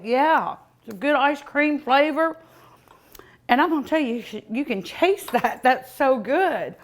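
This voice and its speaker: A woman's voice: high-pitched, expressive, a little slow. A woman hosting a cooking show, tasting food in casual commentary, savoring each bite with delighted hums and exclamations.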